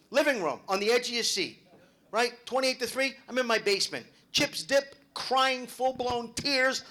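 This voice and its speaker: High, lively, bright-voiced male comedian. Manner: loud, swearing, animated storytelling. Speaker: stand-up comedian. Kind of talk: live stand-up comedy. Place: club event hall with live audience.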